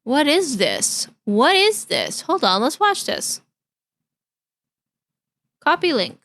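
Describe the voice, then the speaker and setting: A woman's voice: high voice, wildly swooping pitch, takes it slowly, fairly bright tone. A young woman streaming live, chatting casually in a bubbly, giggly, easily distracted way.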